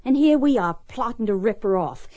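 An actress playing an earnest young woman with a conscience, speaking in an emotional, expressive way in a soap opera. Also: a little high, normal speed, no echo, dull audio. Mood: troubled.

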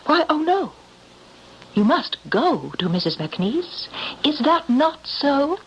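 An actress playing a commanding, taunting thief-queen spirit in an old radio drama, speaking slowly and hypnotically with whispered asides. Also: sits high, big pitch swings, fairly bright tone, slight background noise, heavily acted. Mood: menacing. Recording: dull lo-fi old radio recording.

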